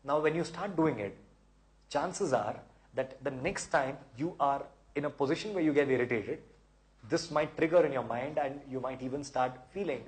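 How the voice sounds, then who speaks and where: A man answers viewer questions in an easygoing advice chat. He speaks in an encouraging way and explains things at length, often repeating words as he goes. His voice sits at a middling pitch. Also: moderate pace. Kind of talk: casual advice talk.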